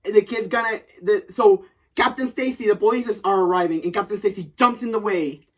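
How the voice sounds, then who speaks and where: High-voiced man excitedly recapping a comic. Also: brisk, far from the mic. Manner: excited storytelling, swearing freely. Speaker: podcast host recapping a comic. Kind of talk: casual chat.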